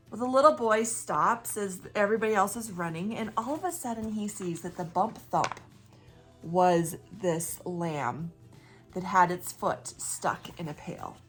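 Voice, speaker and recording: This woman pastor speaks warmly and conversationally, her bright, clear voice at medium pitch and normal speed. She asks listeners direct questions and vividly retells a story, with soft music playing behind her.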